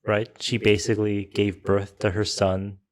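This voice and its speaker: With a fairly low voice and completely flat delivery at a moderate pace, a male podcast co-host chats casually about a film. He thinks aloud in long trains of thought that keep restarting.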